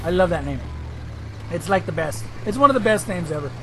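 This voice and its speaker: A hoarse man giving rambling, excitable commentary over his own gameplay footage, now and then bursting into shouts. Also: high voice, fairly quick, soft background music, low-quality recording. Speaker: gameplay video host.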